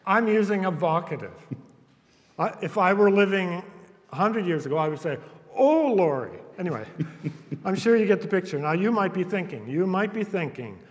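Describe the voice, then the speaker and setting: A man's voice: high voice, lively intonation. A man, a university instructor, giving a public lecture with playful, chuckling asides to a live audience. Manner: unhurried, playful, chuckling between points. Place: auditorium before a live audience. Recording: echoey hall with long reverb.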